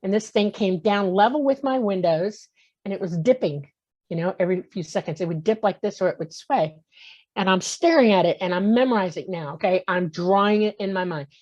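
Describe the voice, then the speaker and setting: A woman's voice: mid-range voice, a little fast, darkish tone. A woman in her sixties telling a personal story as a guest on a talk show. She acts out the voices in her story and keeps checking in with "okay?". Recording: muffled lo-fi audio.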